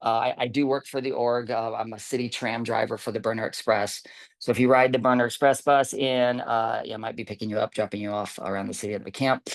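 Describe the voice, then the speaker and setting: A man's voice: medium pitch, steady tone, fast, gravelly. A man telling a casual story in a rambling way, full of fillers and restarts, acting out what others said. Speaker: camp volunteer telling a story. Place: online video call.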